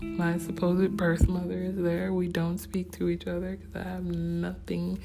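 A woman recounts her own story in a slow, subdued, reflective way. Her low voice is gravelly and stays fairly flat in pitch, with an unhurried pace. Soft acoustic guitar music plays clearly behind her. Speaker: vlogger telling her family story. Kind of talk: personal storytelling.

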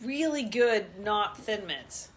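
A woman's voice: mid-range voice, lively intonation, takes it slowly, background noise. A young woman co-hosting a podcast in casual chat, teasing her partner and bursting into laughter. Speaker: podcast co-host.

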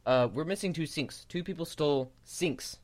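A man on a casual group podcast call, telling stories in a lively way and laughing often. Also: on the high side, moderate pace, crowd noise. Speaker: podcast co-host.

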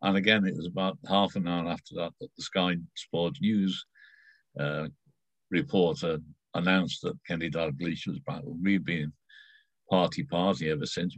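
A middle-aged man telling stories casually, rambling and halting with many fillers and restarts. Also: deep voice, no room sound, lo-fi sound. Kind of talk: casual storytelling.

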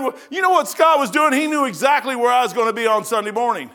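A middle-aged pastor with a high, bright, forceful voice. He preaches in a folksy storytelling way, jumping from loud outbursts to hushed asides. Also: quick pace, hardly any pauses. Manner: folksy storytelling, swings between loud bursts and quiet asides. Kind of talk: sermon with personal stories.

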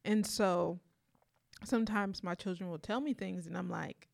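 A woman's voice: mid-range voice, normal speed, gravelly. A middle-aged woman in a casual, reflective conversation, thinking aloud and often saying "like". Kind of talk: casual chat.

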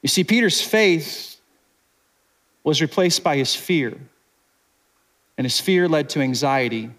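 A man delivering a sermon in a relaxed, chatty style, with a slightly higher than average voice for a man. He acts out what the people in the story are thinking, then drops low and quiet for the weighty moments. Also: slow pace. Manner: casual, conversational preaching with many "like"s, acting out the disciples' thoughts. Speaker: pastor.

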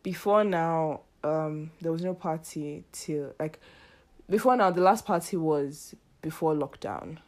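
A woman's voice: deep voice, unhurried, a little mellow. Chatty young woman podcaster. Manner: chatty, laughs often, acts out quoted dialogue. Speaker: podcast host. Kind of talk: casual chat.

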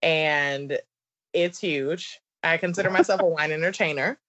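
A woman's voice: deep voice, measured pace, a bit bright. A woman in her thirties with a Southern accent, a podcast guest talking in a bubbly, chatty way with frequent laughs and likes. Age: 30s. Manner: bubbly and talkative, laughs often, many likes and ums. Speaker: podcast guest, business coach. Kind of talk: casual interview chat. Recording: dull lo-fi remote audio.

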